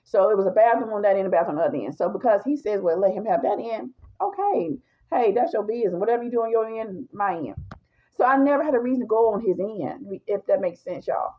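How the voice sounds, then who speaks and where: A woman telling a personal story in a blunt, animated, casual way, talking straight to her viewers. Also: mid-range voice, quick pace, lo-fi sound.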